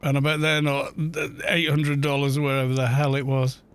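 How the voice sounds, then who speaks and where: A man chats casually over a game livestream, ranting with scornful disbelief. His voice sits at an ordinary middle pitch. He rambles and often starts over in the middle of a sentence. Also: little pitch movement, brisk, clean tone. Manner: incredulous, mocking rant; rambling, with restarts and fillers. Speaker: game streamer. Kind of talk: casual livestream chat while gaming.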